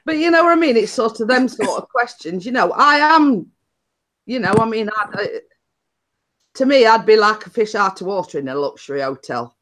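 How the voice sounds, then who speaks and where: A woman's voice: a little high, animated, moderate pace, fairly bright tone. A woman hosting a live stream, chatting casually with lots of fillers and laughter. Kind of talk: casual chat.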